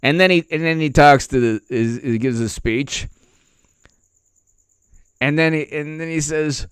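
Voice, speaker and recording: A man's voice: fairly high pitch, a little slow, long pauses, smooth, no echo, studio quality. A man hosting a political commentary vlog, ranting sarcastically and repeating himself in disbelief. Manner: sarcastic, repetitive, incredulous. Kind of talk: casual political rant.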